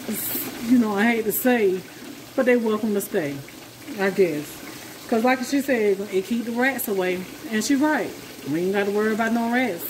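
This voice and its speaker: In her echoey home kitchen, a woman with a mid-range voice talks to her viewers in a folksy, casual way as she cooks, with loud frying sizzling in the background. The recording has a little hiss or hum.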